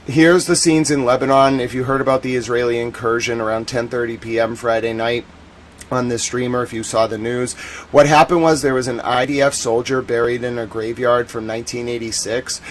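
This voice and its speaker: An American man gives rambling, chatty live-stream commentary in an ordinary-pitched voice with fairly even intonation and a brisk pace. His talk is loose and slangy, sometimes flaring into loud indignation, with a faint hum in the background.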